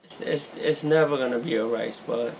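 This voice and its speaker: Male co-host, gravelly voice, earnest casual delivery, light background noise. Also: medium pitch, normal speed. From New York. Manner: earnest, peppers talk with "man" and "you know". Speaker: podcast co-host. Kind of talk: casual chat.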